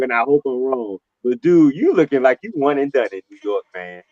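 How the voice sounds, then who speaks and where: A man co-hosting a casual sports talk show over a video call, talking in loose slang and swinging from a low mutter to excited rants. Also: brisk, hardly any pauses, muffled recording, faint music behind. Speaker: co-host.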